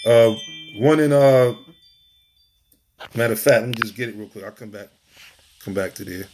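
A man preaching a street sermon, blunt and profane, defiant as he quotes scripture. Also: mid-range voice.

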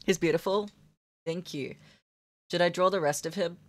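A young woman with a slightly low voice, chatting casually on a live stream while she draws. She talks playfully and giggles a lot. Her voice comes through a desk microphone. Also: normal speed.

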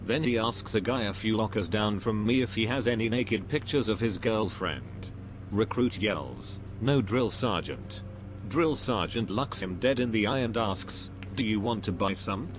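A man reading out anecdotes as a narrator, with an expressive storytelling delivery. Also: on the low side, normal speed. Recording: steady hum under the voice.

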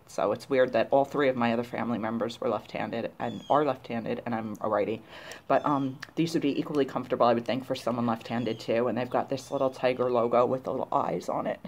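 A chatty woman vlogger shows off her haul, gushing over every cute little find. Her voice sits low for a woman, and a faint hiss runs under the recording. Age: adult, grown woman. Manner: gushing, chatty, excited about cute things. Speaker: YouTuber showing a shopping haul. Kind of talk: casual chat to camera.

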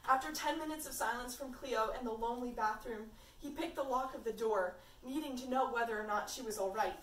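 A woman's voice: fairly high pitch, fairly quick, fairly bright tone. A woman reading fan fiction aloud in a casual, amateur way, sometimes stumbling over words. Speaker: fanfiction reader. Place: room at a party. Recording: echoey room, mic far off, faint background sounds.

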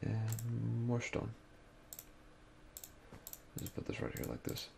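A man's voice: mid-range voice, completely flat delivery, slow pace, creaky, dark tone, slight background noise. A young man giving casual gameplay commentary, muttering to himself as he sorts items and explores, sounding sleepy and yawning. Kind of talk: casual let's-play commentary.

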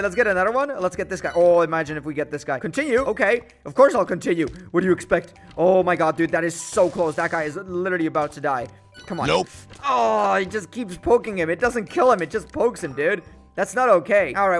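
A man giving excitable, joking let's-play commentary, trash-talking the fish as he plays a game. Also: sits high. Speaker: gaming YouTuber.

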